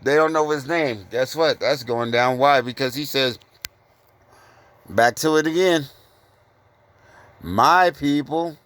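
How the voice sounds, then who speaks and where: A man preaching informally from scripture, confronting listeners with blunt rhetorical questions and reading verses slowly. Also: mid-range voice, a bit bright, clean tone. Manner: repeated rhetorical questions, "guess what?"; reads verses slowly and deliberately.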